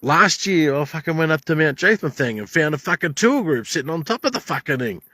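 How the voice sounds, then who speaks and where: A man's voice: a little high, sing-song, brisk, bright, forceful tone, no room sound, clean studio sound. An older Australian man ranting to camera at a bush campsite, indignant and rambling, swearing heavily. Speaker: vlogger. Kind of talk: angry rant to camera.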